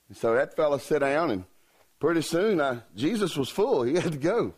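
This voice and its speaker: A man's voice: a little high, lively intonation, normal speed, breathy edge. A man, a revival preacher telling a joke story in a folksy, joking way. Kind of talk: humorous sermon storytelling.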